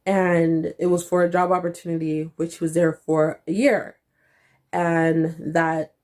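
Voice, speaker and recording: A young woman vlogger telling a story in a casual, animated way, filling her talk with "like" and acting out the dialogue. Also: fairly low pitch, unhurried. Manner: animated, lots of "like", acts out dialogue.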